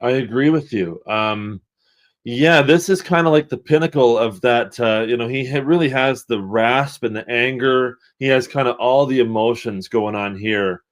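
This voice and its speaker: A man's voice: medium pitch, moderate pace. A man who is a guest on a music podcast, chatting casually and eagerly sharing what he knows. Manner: chatty, eager to share knowledge. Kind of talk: casual chat.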